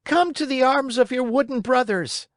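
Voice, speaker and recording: A man voicing an excited wooden male puppet clown who yells wildly. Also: extremely high pitch, normal speed, no room sound, studio quality, pitched above the performer's own voice. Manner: yelling wildly.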